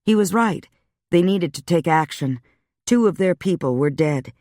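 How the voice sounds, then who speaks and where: A man's voice: a little high, dry recording. Man narrating a romance audiobook, dry. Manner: even, measured storytelling. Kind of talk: scripted narration.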